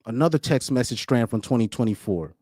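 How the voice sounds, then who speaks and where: A man's voice: mid-range voice, animated, brisk, dark tone, no room sound, studio quality. A man doing casual live-stream commentary, rambling and repeating words, often breaking into laughs.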